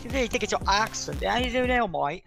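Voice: medium pitch, fast, vocal fry. A co-streamer teasing a friend during casual chat on a game stream, playfully insistent. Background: game music.

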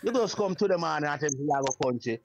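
High-voiced Jamaican priest, emphatic. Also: male voice, fast talker, creaky, slight background noise. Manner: animated, emphatic patois storytelling. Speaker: Rastafari priest. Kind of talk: casual reasoning.

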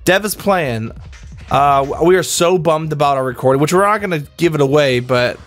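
A young man co-hosting a casual let's play, excitable, laughing and swearing freely as he reacts. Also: fairly high pitch, moderate pace, soft background music. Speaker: gaming channel co-host. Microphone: headset or desk mic, no webcam.

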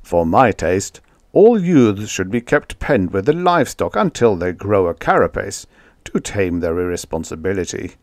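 A man voicing a huge, stern alien elder who speaks in a gruff, stolid rumble. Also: very animated, normal speed, a little mellow, dry recording, studio quality.

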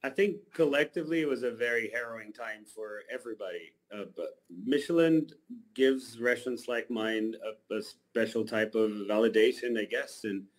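A man, a chef, answering radio interview questions in a relaxed, thoughtful way. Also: mid-range voice, rough recording.

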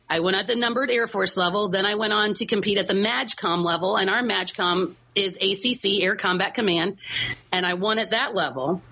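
Bright, chatty woman telling a story. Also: medium pitch, fairly quick, breathy edge. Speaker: podcast guest and co-host. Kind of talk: casual interview storytelling. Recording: dull lo-fi sound with faint noise.

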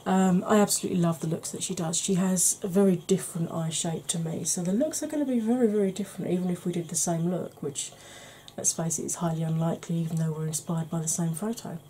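Chatty mellow-voiced woman in her forties. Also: lowish voice, fast talker, slight background noise. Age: 40s. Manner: chatty, self-deprecating, animated. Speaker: beauty vlogger. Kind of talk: chatty makeup vlog.

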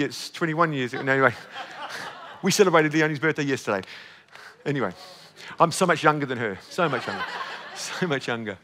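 A man in his fifties preaching a sermon as pastor, exclaiming, breaking into shouts and laughing at himself. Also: fairly high pitch. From Australia. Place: church auditorium. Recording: long church hall reverb.

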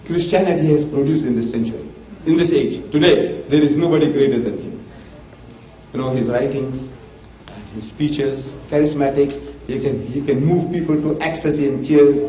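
A man's voice: fairly high pitch, mellow. An older man, giving an emphatic public lecture full of rhetorical questions. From South Africa. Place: mosque hall. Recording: echoey hall from far off, faint hiss.

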